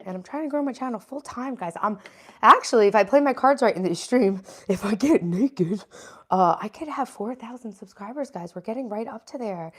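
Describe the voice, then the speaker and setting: A woman hosting a casual livestream, chatting and answering viewer comments as they come in. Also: medium pitch. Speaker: livestream host.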